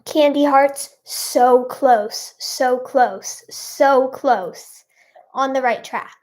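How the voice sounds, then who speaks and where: This livestream host is a woman whose voice sounds high and bright. She keeps her stream playful, speaking without hurry as she cheerfully reads out what her viewers guess.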